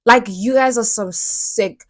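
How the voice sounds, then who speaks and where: A woman's voice: on the high side, slow pace. A young woman hosting a solo podcast, ranting heatedly, swearing and repeating phrases for emphasis. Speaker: podcast host.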